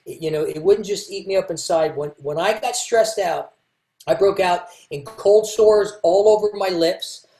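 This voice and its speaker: A man from Kentucky, a guest telling his life story in a candid, halting way and restarting his words. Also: on the high side, a little mellow. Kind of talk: casual interview storytelling. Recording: echoey room.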